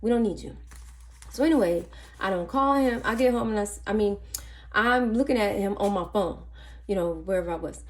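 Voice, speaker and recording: A woman vlogging casually, telling a chatty, animated story and counting money softly under her breath. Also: medium pitch, a little fast. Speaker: budgeting vlogger. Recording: faint background noise and clicks.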